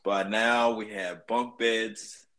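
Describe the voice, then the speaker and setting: Brief: slightly low-voiced man, army veteran, profane animated storyteller. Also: slow pace, low-quality recording. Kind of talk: casual storytelling.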